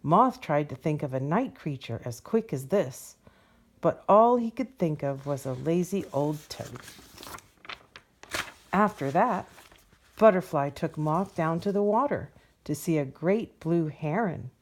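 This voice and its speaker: A woman reading a children's picture book aloud as a storyteller, gentle and expressive. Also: deep voice, a little slow, a little hiss or hum.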